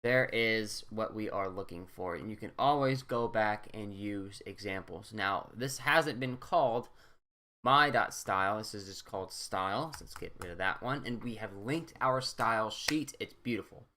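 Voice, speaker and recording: With a lowish voice that sounds pushed and bright, a young man teaches coding over a screen recording at a normal pace. His delivery is relaxed and meandering, and he repeatedly checks in with "right?"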